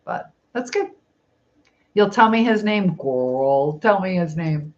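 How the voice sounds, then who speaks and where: A woman's voice: on the low side, lively intonation, takes it slowly, muffled recording. A middle-aged woman hosting a casual live stream, chatting, laughing often and reading viewer comments aloud.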